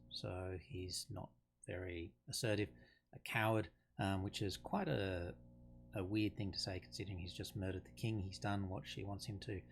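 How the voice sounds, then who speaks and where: Low-voiced man explaining a play casually. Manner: conversational, thinking aloud with fillers and restarts. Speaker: teacher.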